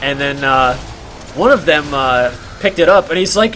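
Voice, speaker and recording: A man's voice: on the high side, normal speed, pushed and bright, soft background music. A man streaming a game while telling a rambling story, full of fillers and laughs.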